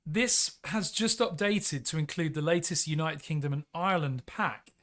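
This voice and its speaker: A man's voice: a little high, moderate pace, fairly bright tone. An English man hosting a live flight simulator stream, upbeat and chatty, laughing often and coaxing viewers into the chat.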